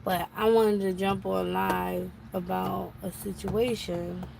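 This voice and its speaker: A woman's voice: medium pitch, level tone, takes it slowly, gravelly, darkish tone, a little hiss or hum. A woman talking on a casual live stream from an eye doctor's office, telling a frustrated story about her son's school. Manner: chatty, exasperated storytelling. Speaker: vlogger.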